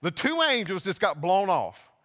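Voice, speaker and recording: A man preaching a sermon, telling a scripture story with halting restarts and acting out the voices. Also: high-pitched, big pitch swings, pushed and bright, in a large hall. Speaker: pastor. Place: church.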